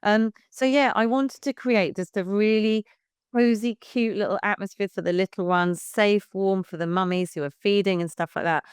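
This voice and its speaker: A woman's voice: medium pitch, fairly even intonation, normal speed, smooth, dry recording, studio quality. A woman in her fifties, a baby music class leader, chatting frankly as a podcast guest and swearing casually. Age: 50s.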